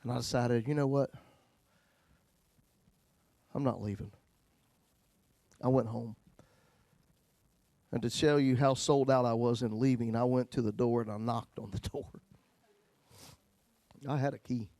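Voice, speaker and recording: A man's voice: mid-range voice, fairly even intonation, normal speed, creaky, long pauses, dark tone, dry recording. Male pastor, testimony sermon, folksy, big dynamic swings, mid voice, dry.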